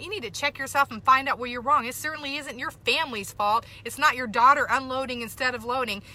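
A woman host in middle age speaks straight to her listeners in a loose, chatty way, pressing her points and saying them twice. Her voice sits a little high and comes across bright and forceful. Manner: animated, emphatic, repeats key points. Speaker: podcast host. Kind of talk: casual talk to listeners.

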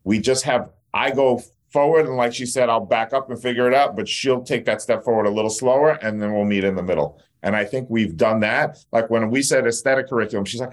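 A man's voice: mid-range voice, fairly even intonation, quick pace, few pauses. A male dentist and educator talking in a casual interview, blunt, fired-up and openly emotional.

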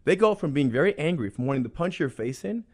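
A man's voice: on the high side, lively intonation, fast, darkish tone. A man guest on an interview podcast, a jiu-jitsu instructor, talking in an earnest, explanatory way and repeating phrases for emphasis.

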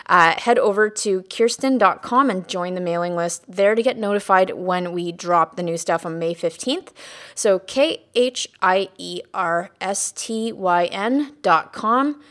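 A woman's voice: medium pitch, a bit bright. A woman hosting a podcast, closing the episode in an upbeat, enthusiastic way. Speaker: podcast host. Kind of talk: podcast outro.

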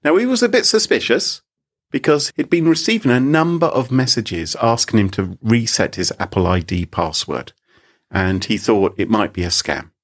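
In a relaxed podcast conversation, one of the male co-hosts animatedly recounts a story, with frequent laughter. He speaks at normal speed with a medium-pitched voice.

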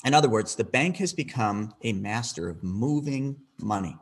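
A man's voice: mid-range voice, normal speed, slightly rough. A man, a financial advisor, answering an interview question by telling a story and acting out the dialogue. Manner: animated, acts out quoted dialogue.

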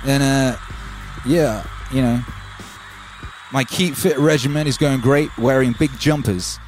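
A man hosting a relaxed livestream, rambling and reading out chat names. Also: mid-range voice, a little slow. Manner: laid-back, rambling, calls listeners baby. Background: faint music.

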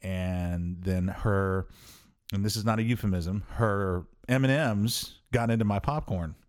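A man's voice: a little slow, clean tone. A man in his forties co-hosting a casual podcast chat, telling stories and acting out quoted lines with big leaps in his voice. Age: 40s. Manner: animated storyteller, acts out quotes with big pitch jumps. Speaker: podcast co-host.

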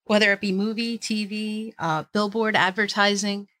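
A woman's voice: medium pitch, level tone, moderate pace, a bit bright. A woman hosting a casual interview. She is down-to-earth and wry, with a dry sense of humor.

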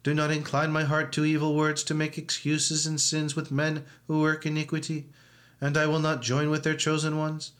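A man reads the psalms of an evening church service in a level, unvarying monotone. His voice sits a little higher than most men's. The delivery is measured and liturgical, with no rise or fall. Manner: flat monotone recitation, chanting some verses. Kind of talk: liturgical reading and chanting.

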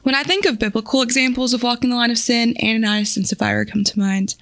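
A woman co-hosting a podcast, reading scripture aloud in a measured, deliberate way. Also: a little high, steady tone, gravelly, fairly bright tone, dry recording. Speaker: podcast co-host.

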